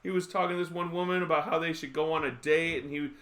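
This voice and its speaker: A man in his thirties hosts a relaxed livestream, spinning funny stories and acting out the people in them. His voice sits a bit high and comes through bright and forward, with laughter never far away. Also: quick pace. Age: 30s. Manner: animated, laughs often, acts out quotes. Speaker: livestream host. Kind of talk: casual storytelling chat.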